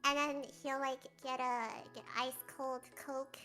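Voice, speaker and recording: A young woman hosting a stream, chatting casually and telling animated stories that imitate others. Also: sits high, unhurried. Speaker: streamer host. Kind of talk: casual chat. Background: faint music.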